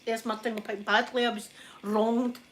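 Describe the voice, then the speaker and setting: Scottish lady doing chatty asmr, giggly storyteller, voice a bit high. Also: level tone, normal speed, slight background noise. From Scotland. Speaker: vlogger. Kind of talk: ASMR chat.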